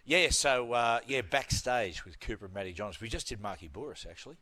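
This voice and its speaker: A man's voice: mid-range voice, animated, fairly quick, bright, forceful tone. A middle-aged man with an Australian accent, a guest host chatting casually and telling laughing, blokey stories. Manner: laughing storyteller, blokey banter. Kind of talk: casual sports chat.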